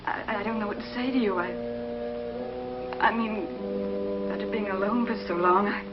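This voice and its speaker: A woman's voice: mid-range voice, normal speed, close to an everyday voice. An actress playing a lonely woman who pleads with an estranged lover over the phone, stammering and crying. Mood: pleading. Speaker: distraught caller. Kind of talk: 1950s television drama acting. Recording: dull old TV soundtrack with music.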